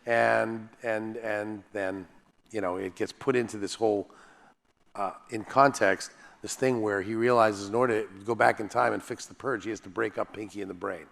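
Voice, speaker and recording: A man, a voice actor and panel guest, telling animated, self-deprecating stories with frequent restarts. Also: lowish voice, moderate pace, gravelly, big-room sound. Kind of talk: animated anecdotal storytelling.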